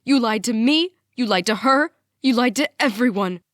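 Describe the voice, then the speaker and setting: A woman reading the part of a distraught middle-aged mother whose voice rises high and shrill with shock. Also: sing-song, moderate pace, fairly bright tone, no echo, studio quality. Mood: shrieking. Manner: high-pitched, shrieking, tearful.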